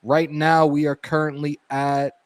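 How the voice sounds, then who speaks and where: A man's voice: fairly high pitch, flat delivery, a little slow, clear, resonant tone, no room sound. Congested man chatting on a live stream. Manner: loose, profane, laughing banter. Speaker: co-host of live fan show. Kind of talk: casual live-stream chat.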